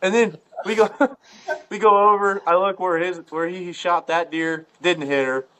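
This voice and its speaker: A man with a somewhat higher voice spins a long, rambling hunting yarn in casual chat. He is loose and profane, and he jumps his pitch up whenever he acts out what someone said. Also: unhurried, fairly bright tone. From Ohio. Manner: rambling, profane storyteller full of filler words. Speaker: podcast guest storyteller.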